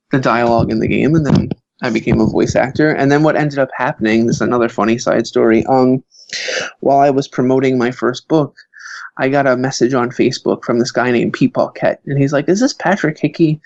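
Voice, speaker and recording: A man who is a guest on a podcast, an author and professor, telling stories in an animated way with many filler words. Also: medium pitch, vocal fry, dry recording, lo-fi sound. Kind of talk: casual interview chat.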